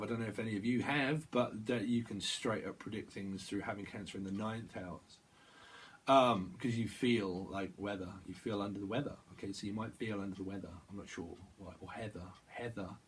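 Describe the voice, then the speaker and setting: A man's voice: on the low side, normal speed, a little hiss or hum. A man giving a rambling tarot reading, talking to himself, repeating words and breaking off mid-thought. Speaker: tarot reader.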